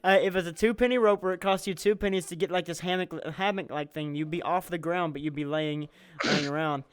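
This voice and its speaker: A man's voice: sits high, fairly even intonation, brisk, smooth, no echo. A man hosting a casual podcast chat, rambling and laughing as he tells a story. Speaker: podcast host.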